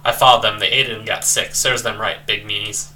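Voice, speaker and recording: A man's voice: lowish voice, fairly even intonation, a little fast, pushed and bright, slight background noise. A man doing a nervous, grieving cockroach. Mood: nervous sad.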